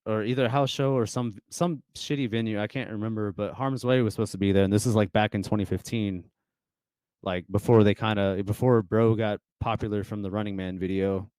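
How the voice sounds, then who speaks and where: A man's voice: lowish voice, fairly even intonation, brisk, a little mellow, clean tone, no echo. A young man telling stories as a podcast guest in a casual, rambling way, full of fillers and restarts. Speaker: guest musician.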